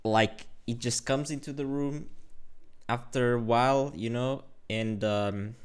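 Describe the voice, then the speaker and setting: A young man telling a lively, casual story about his chess game, full of fillers like "like" and "you know". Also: medium pitch. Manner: animated storytelling, lots of fillers. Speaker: chess streamer.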